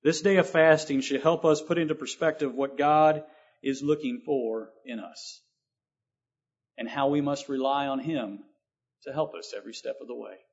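A man's voice: mid-range voice, fairly even intonation, moderate pace, breathy edge. A man preaching a sermon, reading scripture and expounding it earnestly, with emphatic swells on key lines. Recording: dull lo-fi recording.

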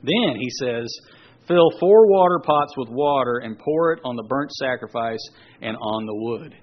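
A man's voice: medium pitch, muffled recording, slight background noise. A man preaching a sermon, reading scripture aloud and then breaking off into conversational asides to explain it. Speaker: pastor.

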